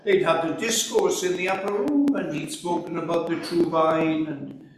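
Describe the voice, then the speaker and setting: A man's voice: a little high, normal speed, slight background noise. A man preaching a sermon in an earnest, emphatic way, asking rhetorical questions. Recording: echoey hall recorded from far off.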